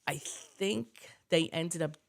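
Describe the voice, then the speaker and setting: A woman's voice: low-pitched, slow, gravelly. A woman being interviewed, reflectively recounting memories and acting out the remembered dialogue, with many fillers. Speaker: interview guest, widow of a fire chief. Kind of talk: personal storytelling interview.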